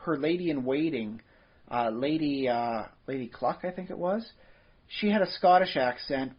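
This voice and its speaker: A man of middle pitch chatting on a podcast, circling his point through many fillers and restarts. The sound is dull and lo-fi. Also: lively intonation, moderate pace, slightly rough. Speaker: podcast co-host. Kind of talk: casual chat.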